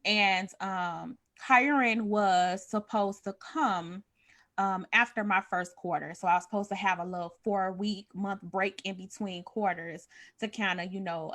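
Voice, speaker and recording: A woman, candidly telling a personal story and acting out the dialogue with big pitch jumps. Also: a bit bright. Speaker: podcast guest sharing a personal story.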